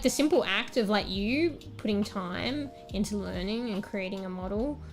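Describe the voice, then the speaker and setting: A young Australian woman chats on a livestream from a small room at home, rambling loosely through filler words. Her voice sits at an ordinary pitch and sounds slightly worn, as though she is losing it. Faint music plays in the background. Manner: rambling, filler-heavy, chatty. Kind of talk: casual chat with stream viewers.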